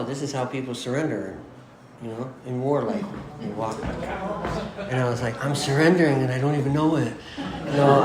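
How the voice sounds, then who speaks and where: A man's voice: medium pitch, very noisy. A middle-aged man from Michigan telling his recovery story at an AA meeting, in a loose, self-mocking storytelling style. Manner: casual storytelling, laughs at himself. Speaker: AA meeting speaker. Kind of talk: personal recovery talk. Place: meeting room.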